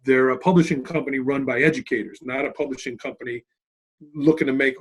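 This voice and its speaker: A man's voice: mid-range voice, fast talker. A middle-aged man, a school principal and author, telling stories in a conversational interview and often checking in with "right?". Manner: animated, tags lines with "right?" and "like".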